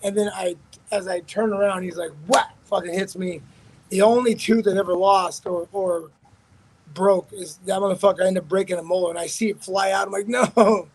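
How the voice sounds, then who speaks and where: A man's voice: sits high, steady tone, a little fast, husky, rough recording. A man, a fighter being interviewed, telling a story in a rambling, profane way with many restarts. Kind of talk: casual storytelling.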